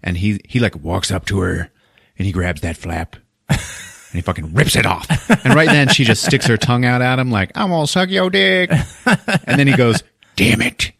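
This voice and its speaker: A man with a lowish, husky voice and vocal fry talks fairly quickly on a podcast, recapping a film in casual chat. He tells it with animated storytelling, acting out the characters and swearing a lot. The recording is dry, with clean studio sound.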